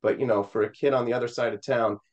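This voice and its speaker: A man's voice: mid-range voice, steady tone, fast talker, darkish tone, muffled recording. A man from Missouri, a Senate candidate, telling an emotional personal story with many fillers and acted-out quotes. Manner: rambling with many fillers, quoting voices.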